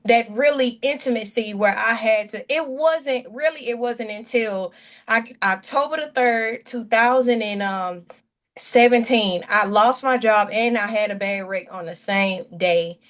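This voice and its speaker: A woman's voice: a little high, unhurried, a bit bright. Earnest woman pastor sharing testimony. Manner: earnest, heartfelt, rambling with restarts. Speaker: guest pastor. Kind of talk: testimony in casual chat.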